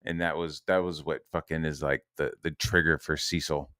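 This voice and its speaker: A man's voice: rumbling low, steady tone, normal speed, a bit bright, clear, resonant tone, dry recording. A man ranting in a heated, profane and sarcastic monologue. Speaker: online commentator.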